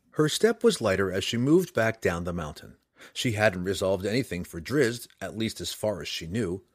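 Middle-aged male narrator, fantasy audiobook; low, lively, dry close read. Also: breathy edge, no echo. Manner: expressive storytelling delivery. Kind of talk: scripted narration.

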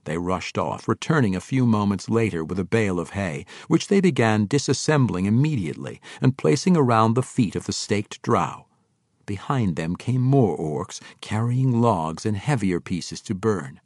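A man narrating a fantasy audiobook in an expressive storytelling manner on a close microphone. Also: lowish voice, normal speed, no room sound. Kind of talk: scripted narration.

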